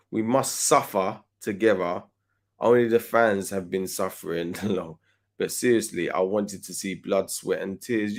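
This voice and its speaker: A middle-aged man hosting a casual football talk show, emphatic and slangy, swearing freely. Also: lowish voice. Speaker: host.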